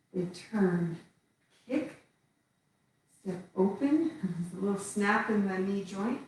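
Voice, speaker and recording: A woman leads a qigong class, calling out each movement slowly and calmly as she performs it. Her voice rings in a very echoey room and sits well back from the mic. A faint hiss of room noise runs underneath. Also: medium pitch, far from the mic. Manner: calm step-by-step cueing while moving. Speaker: qigong instructor.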